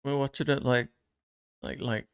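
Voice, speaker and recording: A man's voice: medium pitch, level tone, moderate pace, clear, resonant tone. A man co-hosting a casual podcast, chatting off on tangents and reading scripture aloud. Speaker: podcast co-host. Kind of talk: casual chat and Bible reading.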